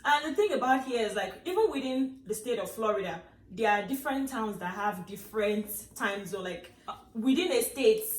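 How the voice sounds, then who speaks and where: A woman's voice: fairly high pitch, normal speed. A young Nigerian woman talks casually to camera, telling stories about life abroad and acting out what others said. Her voice sounds a little distant and bounces around a roomy space. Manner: chatty, animated storytelling with acted quotes. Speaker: vlogger. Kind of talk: casual chat.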